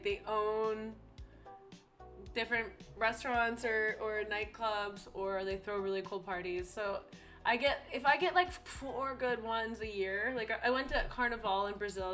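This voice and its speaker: A young woman chatting casually on a live stream, giggly and animated, acting out other people's voices as she tells stories. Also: mid-range voice.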